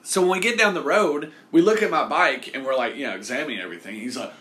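A man hosting a show, telling a casual story in a rambling way and swearing in softened words. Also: fairly high pitch, sing-song, quick pace, few pauses. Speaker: host. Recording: echoey room.

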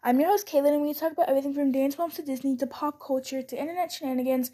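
A woman's voice: high-pitched, steady tone, racing, warm tone. A young woman hosting her own podcast at home, chatty and scattered, often stopping herself and starting over. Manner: chatty, scattered, self-interrupting with frequent restarts. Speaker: podcast host. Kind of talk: casual solo podcast bloopers.

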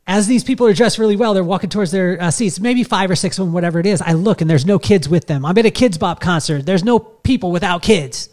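A man's voice: high voice, quick pace, few pauses, darkish tone. A middle-aged man telling a long personal story in a casual, rambling way, full of fillers and restarts. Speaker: podcast host telling a story.

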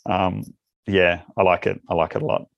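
A man's voice: deep voice, fairly even intonation, normal speed, gravelly, no echo, highs cut off. A man with an Australian accent, talking as an actor guest in a casual interview and giving loose, rambling answers that circle back on themselves.

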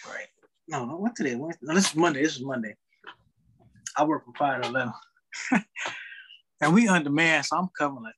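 A young man who works retail, telling work stories in a casual chat with an animated, venting delivery. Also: a little high, slightly rough, low-quality recording. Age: young adult. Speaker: retail worker.

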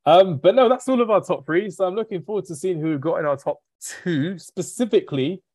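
A southern English man hosts a podcast, talking fast and rambling through the rounds. His voice sounds close and dry, with no room echo. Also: high-pitched, darkish tone. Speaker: podcast host. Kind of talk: casual chat.

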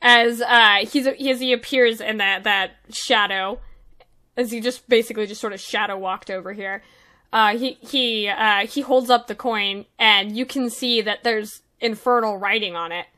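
A woman's voice: fairly high pitch, moderate pace, bright, forceful tone. A woman narrating as game master, hesitant with many fillers.

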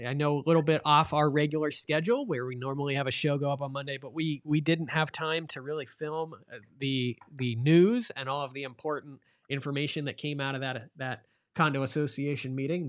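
A man's voice: mid-range voice, steady tone, fast talker, hardly any pauses. A middle-aged man hosting a live-streamed podcast, chatting in an upbeat, playful, teasing way. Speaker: podcast host.

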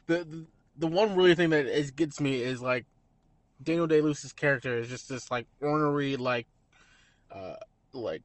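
A man's voice: mid-range voice, dry recording. Young male host, casual film chat, cusses and laughs a lot, dry close sound. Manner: laughs often, swears, animated retelling. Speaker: podcast host.

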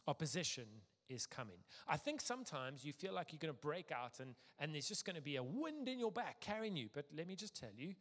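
A man reading a scripture passage aloud and then preaching casually, with dramatic pauses and soft dips at the ends of phrases. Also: fairly high pitch, big pitch swings. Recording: long hall reverb.

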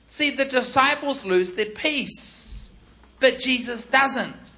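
High-voiced animated male preacher. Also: slow pace. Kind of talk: sermon with storytelling.

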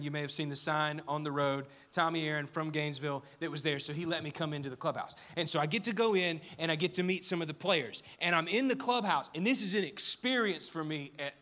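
A young man preaching a sermon, telling a personal story and asking the audience questions in an animated way. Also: fairly high pitch. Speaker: pastor.

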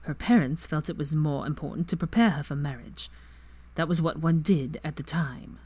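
A woman voicing a cold, haughty older wizard father in a fan story reading, with slow, measured lines. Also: deep voice, darkish tone, husky, no room sound.

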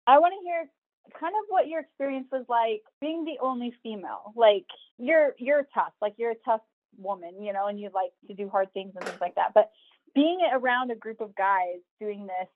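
A woman co-hosts a relaxed conversation with an upbeat, easygoing manner. Her voice comes through a thin, phone-like line from a remote call. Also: a little high, normal speed. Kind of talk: casual chat over a call. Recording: tinny phone-line sound.

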